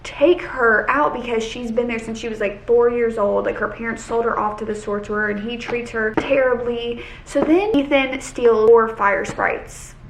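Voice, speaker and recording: A young woman talks fast and excitably in a casual vlog, her thoughts spilling out with constant "like." Her voice sits a bit high. The room gives an echo with a faint hiss under it. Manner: excitable, rambling, heavy use of "like". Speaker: book vlogger. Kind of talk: casual reading vlog chat. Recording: echoey room with faint noise.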